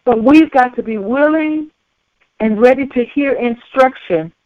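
A woman preaches at an unhurried, deliberate pace, circling back over the same phrases and punctuating them with amens. Her voice comes through narrow and tinny, like a phone line, with a dry sound and no room around it. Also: sits high, no echo. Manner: slow, repetitive preaching punctuated by frequent amens. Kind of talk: sermon.

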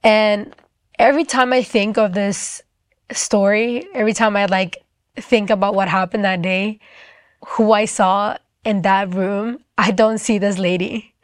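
A woman's voice: mid-range voice, steady tone, measured pace, dry recording, studio quality. A young adult woman sharing a personal faith testimony in a casual storytelling way, acting out the dialogue and often saying "like".

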